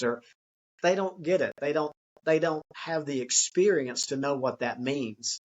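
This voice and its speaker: A man speaking as a guest author in a conversational interview, earnest and reflective, sometimes acting out an excited child's voice. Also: on the high side, normal speed, lo-fi sound.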